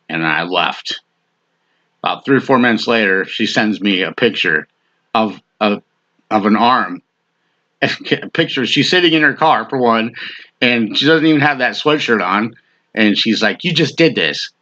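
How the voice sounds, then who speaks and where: A man tells his story bluntly and scornfully, swearing freely. His voice sits on the low side but swings widely in pitch. The sound is dull and lo-fi. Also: animated, a little slow, pushed and bright, no room sound. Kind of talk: casual recounting.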